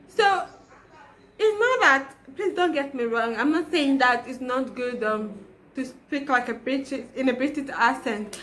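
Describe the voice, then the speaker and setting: Young woman, childlike high voice, slow earnest motivational talk. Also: fairly bright tone. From Nigeria. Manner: earnest, repeats herself, fillers. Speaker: motivational speaker.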